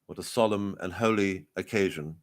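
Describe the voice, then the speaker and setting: Rambling deadpan mock-royal commentator. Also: male voice, deep voice, moderate pace. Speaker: comedian in character as a royal correspondent. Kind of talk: improvised satirical live commentary.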